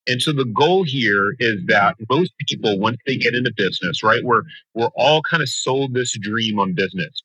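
A man talking as a guest in a podcast interview, coaching franchise owners with an energetic, emphatic motivational delivery. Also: mid-range voice, normal speed, few pauses, husky, dry recording, low-quality recording.

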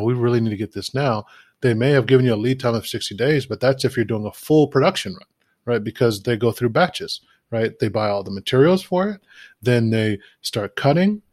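A man's voice: mid-range voice, darkish tone, no echo, clean studio sound. A man giving a practical, conversational talk on scaling product manufacturing, often checking in with the listener. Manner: practical, conversational, frequent "right?" check-ins. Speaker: e-commerce business advisor. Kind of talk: instructional talk.

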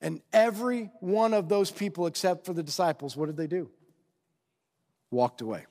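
A man's voice: sits high, normal speed, a little mellow. A male pastor preaching a conversational sermon, constantly checking in with the congregation through rhetorical questions. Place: church sanctuary. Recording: long reverb of a large hall.

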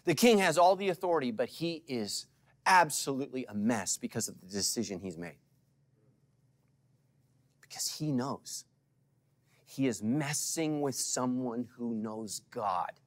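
Preaching a sermon to his congregation, this middle-aged pastor has a mid-range, expressive voice and speaks a little slowly. His delivery moves from loud calls down to hushed asides, and he invites responses from the crowd.

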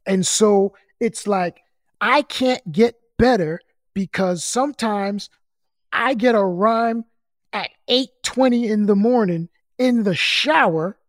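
A man's voice: sits high, no echo, clean studio sound. A man hosting a podcast, speaking in a reflective way and working through his ideas aloud in casual chat. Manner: slow, reflective, thinking out loud. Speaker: podcast host.

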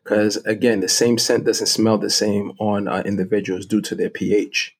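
A middle-aged man, a guest expert, explaining things step by step in a chatty, animated interview. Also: lowish voice, normal speed, slightly rough. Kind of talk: casual interview talk.

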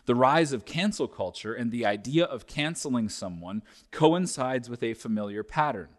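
A man preaching a sermon as pastor, reading scripture and then teaching in a measured, deliberate way. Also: mid-range voice, expressive.

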